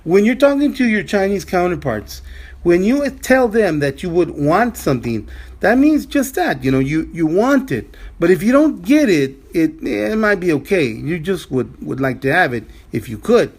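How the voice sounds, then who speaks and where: A man teaching a language lesson, speaking slowly and repeating words, with frequent restarts. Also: sits high, sing-song, darkish tone, slightly rough. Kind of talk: slow spoken language lesson.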